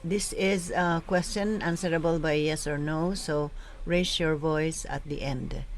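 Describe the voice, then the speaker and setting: A woman coaching church readers, giving slow, careful instructions and sounding out pronunciations. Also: deep voice, steady tone, a little hiss or hum, low-quality recording. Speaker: reading coach. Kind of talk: instructional talk on proclaiming scripture.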